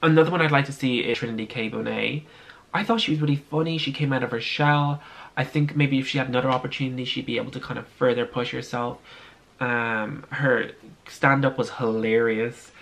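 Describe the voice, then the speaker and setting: Young Irish guy, casual vlog host, gossipy and rambling; gravelly fry in a mid-range voice. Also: mid-range voice, steady tone, a little fast, a bit bright. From Ireland. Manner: chatty, gossipy, frequent ums and restarts. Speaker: vlogger. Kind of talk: casual chat.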